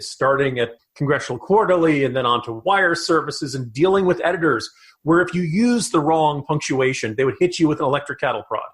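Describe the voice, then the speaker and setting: A man's voice: mid-range voice, fairly bright tone. A man co-hosting a political podcast, a writer delivering a theatrical, exasperated comic rant full of mock outrage.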